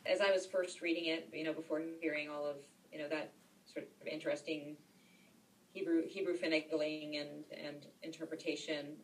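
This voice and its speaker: A woman's voice: low voice, little pitch movement, moderate pace, distant mic, a little hiss or hum, rough recording. A woman in a study group sharing her reading hesitantly, with many fillers and repeated words. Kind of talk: casual discussion.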